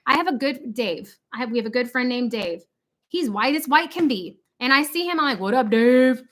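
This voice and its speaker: A middle-aged woman chatting on a home livestream, animated and joking, her voice sitting a little high and sounding bright and forceful. She keeps breaking into silly voices mid-story. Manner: animated and jokey, quick to slip into funny voices. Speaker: livestream host. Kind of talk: casual livestream chat.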